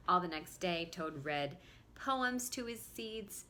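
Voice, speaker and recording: Expressive woman reading to preschoolers. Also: fairly low pitch, unhurried, a little hiss or hum. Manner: warm, expressive, talks to young children. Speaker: preschool teacher. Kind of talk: children's storybook reading. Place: at home.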